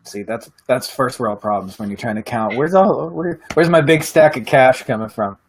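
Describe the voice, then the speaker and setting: A man's voice: medium pitch, normal speed, breathy edge, no echo. A man hosting a casual business interview, chatty and joking, coaching the guest along.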